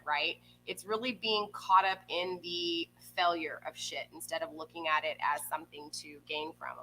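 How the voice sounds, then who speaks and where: Chatty woman reading tarot, bright tone. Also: on the low side, a little hiss or hum, low-quality recording. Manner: chatty, keeps checking in with "okay?" and "right?". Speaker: tarot reader. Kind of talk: live tarot reading to viewers. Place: home room with a pet nearby. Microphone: desk microphone.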